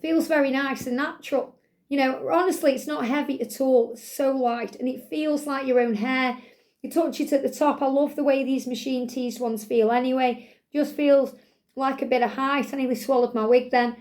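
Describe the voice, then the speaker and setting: A middle-aged woman with a high voice talks through a product review, chatty and rambling. She gushes over what she shows and wanders between thoughts in an easy vlog manner. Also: a little mellow. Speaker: wig vlogger.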